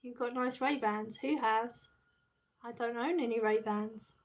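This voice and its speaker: A woman's voice: on the high side, fairly even intonation, measured pace. A middle-aged woman hosting a casual live stream, chatting with her viewers, reading out their messages and laughing often. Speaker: livestream host reading chat. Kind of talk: casual chat.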